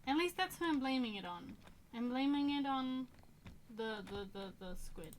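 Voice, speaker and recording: With a high, expressive voice at normal speed, a twenty-something woman streams a game, rambling and correcting herself between frequent laughs. Behind her are game music and typing, plus a slight hiss or hum.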